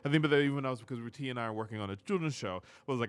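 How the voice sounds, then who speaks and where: A man's voice: mid-range voice, racing. A man talking casually about music, with restarts, now and then singing a show tune. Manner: breaks into singing show tunes mid-talk. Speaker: musician guest.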